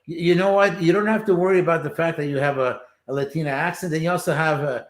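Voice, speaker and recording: Male co-host, raised pitch, reassuring jokey manner, roomy reverb. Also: steady tone. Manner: encouraging, joking, halting with fillers. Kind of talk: casual interview chat.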